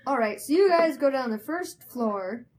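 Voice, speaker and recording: A woman's voice: high-pitched, animated, moderate pace, darkish tone. A young woman narrating a casual tabletop game as game master, playful and teasing, often laughing.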